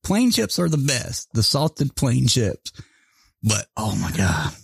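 A man's voice: mid-range voice, wildly swooping pitch, takes it slowly, gravelly, husky, no room sound. Man, casual chat, profane storyteller, dry recording.

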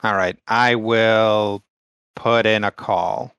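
Halting, bright-voiced male player. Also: fairly low pitch, fairly even intonation, smooth, no echo, dull audio. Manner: halting, restarts mid-thought. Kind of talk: tabletop game play, casual chat.

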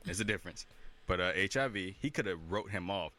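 A man with a very deep but bright, forceful voice talks sports in a casual conversation. He speaks emphatically and often restarts his sentences. The talk is animated and informal. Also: fairly quick.

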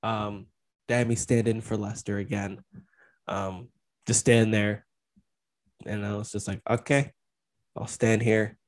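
A man's voice: fairly low pitch, level tone, unhurried, pauses often, dry recording. A young man co-hosting a podcast, telling a rambling, self-mocking story in casual chat. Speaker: podcast co-host.

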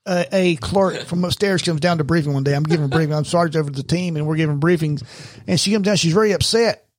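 A man's voice: a little high, fast, dry recording, studio quality. A middle-aged man, a retired police sergeant, telling stories in casual podcast chat, acting out quotes and laughing often. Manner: animated storyteller, acts out quotes, laughs often.

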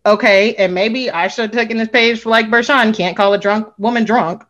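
A young woman co-hosting a casual chat, telling a story and acting out the quotes with big jumps in pitch. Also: fairly even intonation, moderate pace, fairly bright tone, lo-fi sound. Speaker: podcast co-host.

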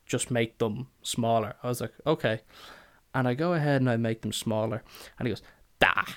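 A man's voice: medium pitch, moderate pace. A man hosting a podcast, telling a sweary, exasperated story and acting out both sides of the exchange. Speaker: podcast host. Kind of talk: casual storytelling rant.

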